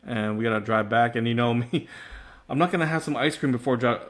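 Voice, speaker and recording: A playful male podcast co-host telling a story, stumbling over his words as he restarts. His voice sits at a middle pitch and sounds plain. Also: quick pace, fairly bright tone. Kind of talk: casual podcast chat.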